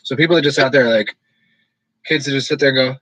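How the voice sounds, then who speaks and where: Streamer type, male, husky, loose and rambling, self-described monotone, dry close sound at home. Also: medium pitch, fast talker, no room sound, low-quality recording. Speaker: streamer talking to live chat. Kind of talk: casual rambling livestream chat.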